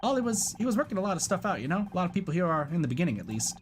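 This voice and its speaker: Man putting on a brassy drag queen woman, high and flamboyant, game voice. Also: big pitch swings, rapid-fire, faint music behind. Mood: chatty. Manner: flamboyant, sassy. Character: brash bold woman drag performer.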